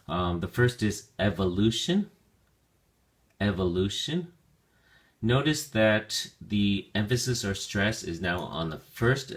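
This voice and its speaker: Low-voiced male ESL teacher, patient and deliberate, spells out pronunciation word by word. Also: a bit bright. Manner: slow, careful enunciation of words. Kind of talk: vocabulary lesson narration.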